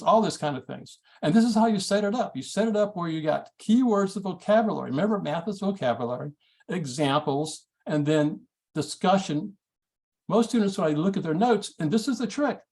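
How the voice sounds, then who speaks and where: A middle-aged man presenting a math study skills workshop in a folksy, animated way, acting out his exchanges with students. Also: sits high. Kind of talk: conference workshop talk.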